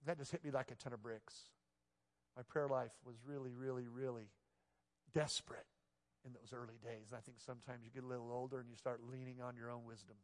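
Pastor preaching in a reverberant sanctuary. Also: male voice, medium pitch, level tone, brisk. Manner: swings between hushed, intimate passages and loud, emphatic exclamations. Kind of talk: sermon. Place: church sanctuary. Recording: long reverb of a large church hall.

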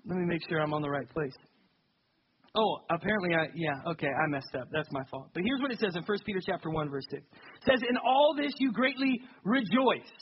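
A man's voice: sits high, husky, highs cut off. A young adult man preaching a sermon in a conversational, self-deprecating way that builds to emphatic peaks. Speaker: pastor.

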